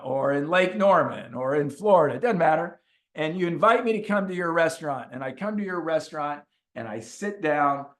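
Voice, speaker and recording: A male executive coach gives a webinar talk full of stories. He delivers them in an animated way and hammers his points with repetition. His voice sits a little higher than most men's. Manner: animated storyteller, repeats points for emphasis.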